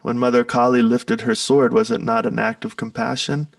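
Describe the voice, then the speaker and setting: A man's voice: mid-range voice, steady tone, normal speed, gravelly, no room sound, recorded from a distance. A man talking as an interview guest in a casual spiritual conversation, telling stories loosely and tagging his lines with "right?" and "you know".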